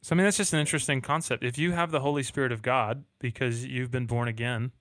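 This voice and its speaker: A man co-hosting a casual Christian conversation, explaining ideas earnestly and reading Bible verses slowly. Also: mid-range voice, fairly even intonation, a bit bright, no room sound.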